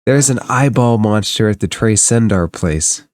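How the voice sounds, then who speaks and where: A man's voice: on the low side, a little slow, natural voice. A man voicing a friendly seven-year-old boy in a tabletop game, chirpy and eager.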